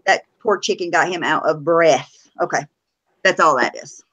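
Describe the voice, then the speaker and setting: A woman's voice: low-pitched, moderate pace, fairly bright tone, low-quality recording. A woman co-hosting a casual live-stream chat, blunt and profane, teasing with laughter.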